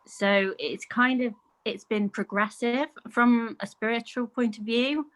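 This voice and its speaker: A woman's voice: on the high side, fairly even intonation, a little slow, poor audio. A middle-aged woman chats easily as a podcast guest. She tells her stories in a loose, conversational flow and acts out the quoted lines of others along the way. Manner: chatty, storytelling with acted-out quotes and laughs. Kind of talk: casual conversation.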